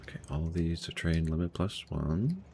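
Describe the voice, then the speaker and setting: A man's voice: sits low, sing-song, normal speed, vocal fry, darkish tone, a little hiss or hum. A young man streaming a game, thinking aloud and puzzling over what went wrong, chuckling to himself at a desk microphone. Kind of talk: casual gameplay commentary.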